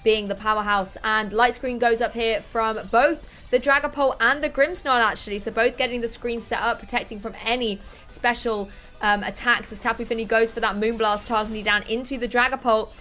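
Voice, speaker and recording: A woman commentating a competitive game match, calling the plays briskly and explaining the strategy behind them. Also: on the high side, fairly even intonation, fairly bright tone, soft background music. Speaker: esports commentator.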